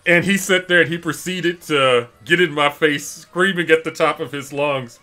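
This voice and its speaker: A man's voice: on the high side, normal speed, faint music behind. A middle-aged man from Detroit, telling stories in a casual chat and laughing often. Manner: animated, laughing often, acting out quotes. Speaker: streamer host. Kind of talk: casual storytelling.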